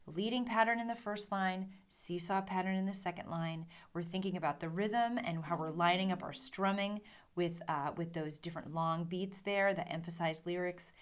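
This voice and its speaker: A woman's voice: lowish voice, moderate pace, clean tone. A woman teaching a ukulele lesson, explaining patiently, counting in and singing along. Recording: ukulele playing under the voice.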